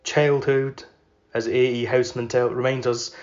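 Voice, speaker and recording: Man reading aloud, measured and unhurried. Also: mid-range voice, flat delivery. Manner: measured, unhurried reading; loose and filler-heavy when chatting. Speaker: podcast host reading aloud. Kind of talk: literary reading. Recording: roomy, slightly dull recording.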